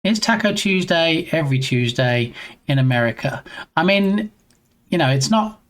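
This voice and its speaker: Casual streamer, mid-pitched, narrating their own troubleshooting live and chatting with viewers between steps. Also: expressive, normal speed. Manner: muses to self, reads screen text aloud, chats with viewers. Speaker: game dev streamer. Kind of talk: live-stream thinking aloud while troubleshooting. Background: headphones on.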